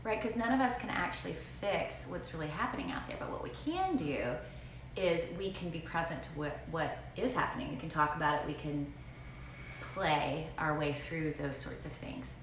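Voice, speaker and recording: A middle-aged woman from Southern Alabama with a Southern accent, co-hosting a morning show and telling family stories in an animated, chatty way. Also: deep voice. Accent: Southern American. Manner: animated storytelling, quick asides. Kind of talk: casual chat. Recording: roomy echo, faint noise.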